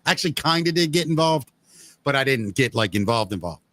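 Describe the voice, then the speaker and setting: A man's voice: mid-range voice, brisk. A man co-hosting a casual podcast, telling a long story and acting out the people in it. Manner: animated storyteller acting out quoted voices. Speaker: podcast co-host. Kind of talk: casual chat.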